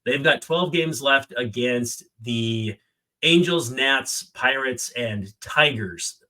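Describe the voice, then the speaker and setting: A man co-hosting a sports podcast in casual chat, with a bright, forceful voice. He is joking and enthusiastic, running through details in a chatty way. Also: medium pitch, slow. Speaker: podcast co-host.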